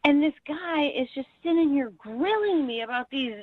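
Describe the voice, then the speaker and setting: A woman's voice: high voice, animated, normal speed, no room sound, phone-quality sound. A woman calling in to a radio show, talking in an indignant, defensive way about a bad date. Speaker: caller. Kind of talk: radio call-in chat.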